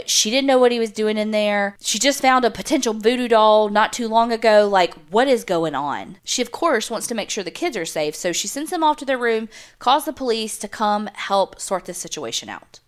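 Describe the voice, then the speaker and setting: A woman's voice: fairly high pitch, lively intonation, normal speed, few pauses. A woman co-hosting a podcast, casually retelling a true crime story with lots of profanity and filler words. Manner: profane, chatty retelling with many "like" fillers and acted quotes. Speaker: podcast co-host.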